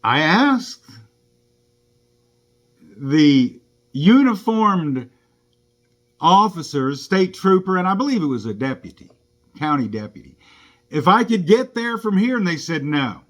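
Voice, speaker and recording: A man's voice: sits high, big pitch swings, unhurried, long pauses. A man who drives for a rideshare service, giving an indignant first-person account of a run-in with police. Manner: indignant, aggrieved storytelling.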